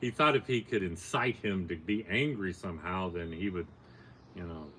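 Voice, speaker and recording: A low-sitting male voice at a moderate pace tells a long story, with some hiss or hum present. The speaker, an older man guesting on a podcast, stays plain and matter-of-fact in a casual way, building to animated peaks.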